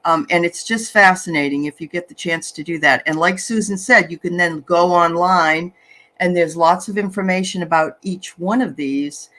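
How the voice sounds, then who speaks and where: Bright-voiced woman host. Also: lowish voice, moderate pace. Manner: enthusiastic, repeats phrases, trails off. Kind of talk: casual live chat.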